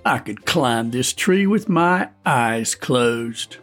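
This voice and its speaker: A man voicing an eager, boastful young boy in a spoken storybook, talking in a bragging, excitable way. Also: mid-range voice, slow, soft background music.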